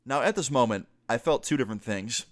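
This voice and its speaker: A man and gaming YouTuber telling a storytime vlog in an animated way, swearing casually. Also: mid-range voice, a little fast, dry recording, studio quality.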